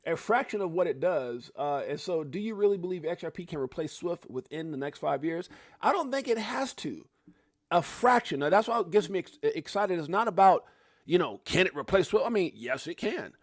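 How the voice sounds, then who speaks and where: An easygoing man in his forties hosts a livestream, chatting casually as he reads viewer comments and calls them "bro" and "fam." His voice is high-pitched and animated at a normal speed, captured on a dry mic.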